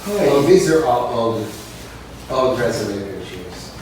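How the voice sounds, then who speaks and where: Animated male storyteller in an echoey room. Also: mid-range voice, slow pace. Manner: animated storyteller, acts out dialogue and sings snatches. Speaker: interviewee, stage performer. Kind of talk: casual anecdote telling. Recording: roomy echo, distant mic, faint background hiss.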